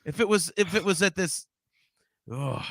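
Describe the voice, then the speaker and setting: A man's voice: high voice, normal speed, fairly bright tone, dry recording, studio quality. A man co-hosting a live podcast in a casual chat, ranting animatedly with plenty of profanity. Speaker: podcast co-host.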